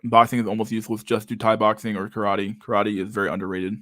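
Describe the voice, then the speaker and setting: Man, 30s, live-stream host, reading chat aloud, casual and profane, low voice, monotone. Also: fast talker, no echo, clean studio sound. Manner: casual, profane, says "dude" a lot, reads comments aloud.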